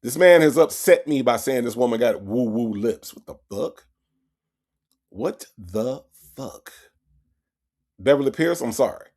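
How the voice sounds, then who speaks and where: A man hosting a casual livestream, reacting with animated, profane commentary and talking straight to his chat, often repeating himself. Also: medium pitch, brisk, hardly any pauses.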